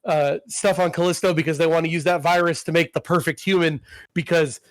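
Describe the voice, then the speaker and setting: Male podcast co-host, higher voice, rambling and profane recaps. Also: fairly even intonation, brisk, no room sound. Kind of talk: casual chat.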